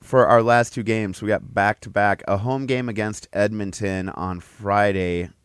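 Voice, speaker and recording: A man's voice: on the low side, steady tone, unhurried, clear, resonant tone, dry recording, studio quality. A man co-hosting a casual sports podcast, talking loosely and correcting himself as he goes. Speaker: podcast co-host.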